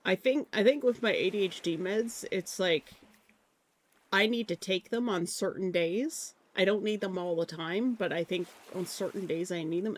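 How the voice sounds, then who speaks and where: Rambling, distracted streamer chatting to viewers. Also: mid-range voice. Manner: rambling, distracted, self-mocking. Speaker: live streamer. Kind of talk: casual chat while drawing.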